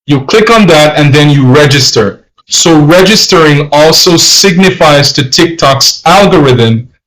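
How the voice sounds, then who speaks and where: A man's voice: fairly high pitch, lively intonation, unhurried, a bit bright, low-quality recording. A man teaching a live-streamed language lesson, patiently explaining and repeating phrases in Spanish and English.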